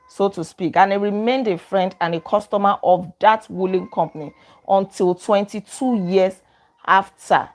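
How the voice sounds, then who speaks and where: Chatty woman retelling a story. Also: fairly low pitch. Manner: chatty, retells stories in her own words with many asides. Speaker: book review host. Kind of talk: casual storytelling.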